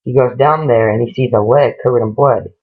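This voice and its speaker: A man's voice: medium pitch, brisk. A man casually retelling a ghost story in a rambling way, stringing events together with "he goes" and "she goes". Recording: tinny phone-like lo-fi audio.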